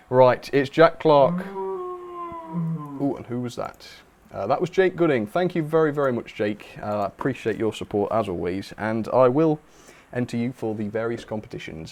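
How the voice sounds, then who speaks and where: A young man hosting a relaxed livestream, chatting casually, reading out viewer comments with lots of fillers. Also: mid-range voice. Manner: chatty, reads viewer comments aloud, frequent fillers and laughs. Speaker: livestream host. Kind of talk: casual live chat.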